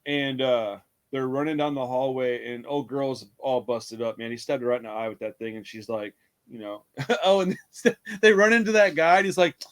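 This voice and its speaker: A man's voice: mid-range voice, moderate pace, a bit bright. A man casually retelling a horror film, rambling, laughing often and swearing freely. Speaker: podcast co-host reviewing a horror film. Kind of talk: casual profane chat.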